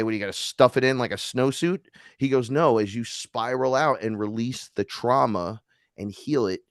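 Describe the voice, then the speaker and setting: A man's voice: medium pitch, no room sound, studio quality. A man from New York telling a spiritual encounter story in casual talk, acting out the voices he quotes and swearing freely. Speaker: podcast guest.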